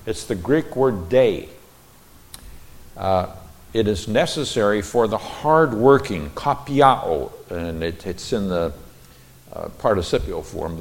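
Low-voiced man teaching Bible verses. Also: a little hiss or hum. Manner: deliberate, explains Greek words, folksy asides. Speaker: preacher.

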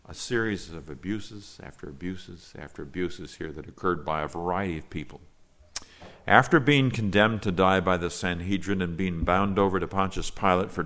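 A man preaching a sermon as pastor, reading scripture aloud in old-fashioned wording and then explaining it in an earnest, measured way. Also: low voice, a bit bright. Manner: measured and earnest, with small fillers when speaking freely.

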